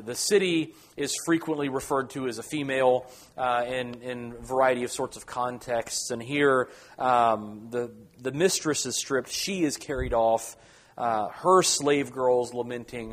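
A man leads a Bible study lecture at a mid-range pitch. He talks in a loose, conversational way, filling pauses with ums and uhs and often restarting his words. His tone is that of a teacher explaining a passage.

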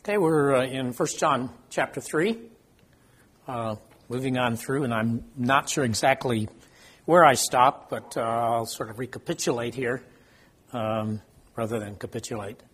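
A man's voice: medium pitch, a little slow, a bit bright, slightly rough. An older man leading an informal Bible study, talking conversationally, quizzing the group and joking about his own memory. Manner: conversational, asks the group questions, self-deprecating.

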